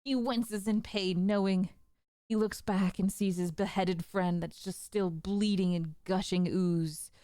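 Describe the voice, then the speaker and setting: A woman's voice: mid-range voice, fairly even intonation, a little slow, mellow, clean tone, dry recording. Woman narrating a tabletop game, dry mic. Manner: dramatic narration, laughs often. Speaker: streamer and game master.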